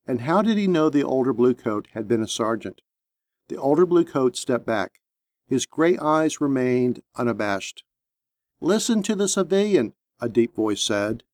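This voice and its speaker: A man narrates a tense action story in a steady, measured reading voice of middle pitch. The recording is close and dry, with no room sound. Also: no echo. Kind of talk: audiobook narration.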